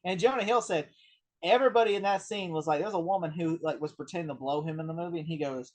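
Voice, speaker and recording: A man in a casual film discussion, retelling behind-the-scenes stories in a rambling, animated way with lots of fillers. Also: fairly high pitch, fast talker. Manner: rambling, animated anecdote-telling with many fillers. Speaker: film review co-host.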